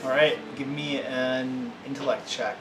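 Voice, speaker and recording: A man narrating and refereeing a tabletop role-playing game in a relaxed, conversational way. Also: medium pitch, measured pace, over music. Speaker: game master. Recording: echoey room, distant background noise.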